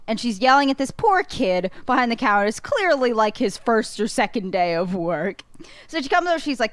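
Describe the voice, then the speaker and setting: A woman's voice: fairly high pitch, animated, fast talker, no echo. Blunt, profane young woman. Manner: blunt, profane, laughs often. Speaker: podcast guest. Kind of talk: casual podcast chat.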